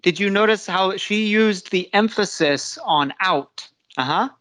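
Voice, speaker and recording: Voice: mid-range voice, measured pace, a bit bright, dry recording. An English teacher giving a live online lesson, explaining patiently and often restarting sentences.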